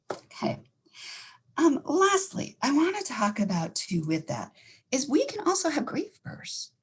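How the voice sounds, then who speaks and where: A woman counselor giving a fast-paced educational talk, acting out inner thoughts as she goes. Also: lowish voice, vocal fry, husky. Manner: fast-talking, animated, acts out inner thoughts.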